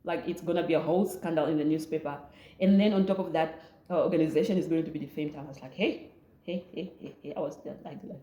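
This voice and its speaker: A young Namibian woman with a Namibian accent, telling a lively storytime vlog, laughing often and mixing in local words. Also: sits low, quick pace, roomy sound. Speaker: vlogger. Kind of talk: storytime chat.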